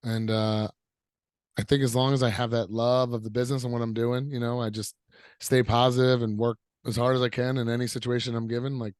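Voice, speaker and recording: A man in his thirties answers questions with easy, upbeat energy, drifting through fillers as he thinks aloud. His voice sits at an ordinary middle pitch. The recording is dry and close, with no room sound. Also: flat delivery, brisk, darkish tone, clear, resonant tone, no echo. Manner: upbeat and easygoing, rambling with fillers. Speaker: professional wrestler guest. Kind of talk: casual interview answers.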